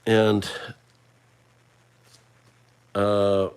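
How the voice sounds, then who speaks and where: A man's voice: fairly low pitch, monotone, extremely slow, darkish tone, clear, resonant tone. A middle-aged man hosting a casual livestream, chatting and running a trivia quiz for viewers he addresses by name. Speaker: livestream host.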